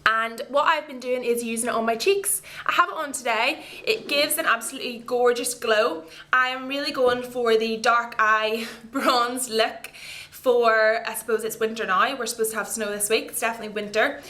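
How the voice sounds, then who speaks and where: Bright, chatty woman beauty vlogger. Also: on the high side, fairly even intonation, normal speed, slight background noise. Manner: chatty and enthusiastic, rambling asides. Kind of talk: casual product review.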